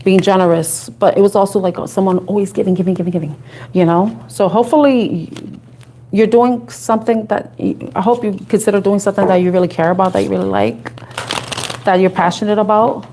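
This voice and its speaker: A woman's voice: mid-range voice, steady tone, a little fast. Chatty Bronx woman reading tarot. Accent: New York (Bronx). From the Bronx, New York. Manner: chatty, thinks out loud, laughs often. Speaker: tarot reader.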